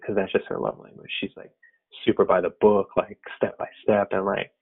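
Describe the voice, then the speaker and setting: A man's voice: low-pitched, flat delivery, normal speed, husky. A man sharing an earnest, reflective personal faith story, talking loosely with many fillers. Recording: tinny phone-like sound.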